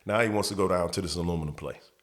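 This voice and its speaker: A man's voice: low-pitched, racing. A man hosting his show, telling a personal story in casual talk, repeating words and acting out quotes. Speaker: host.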